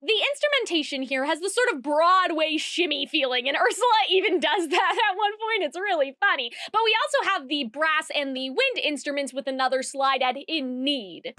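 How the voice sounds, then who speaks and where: A woman with a high, bright-sounding voice talks through a song analysis for her video essay. Her delivery is analytical yet chatty, with quick playful asides. The recording is dry and close, with no room sound. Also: animated, no echo.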